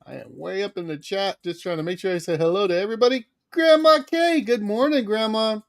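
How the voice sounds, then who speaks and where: High-voiced man greeting the chat. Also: brisk, gravelly, smooth. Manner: cheerfully greets chat viewers by name. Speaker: livestream co-host. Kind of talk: casual livestream chat.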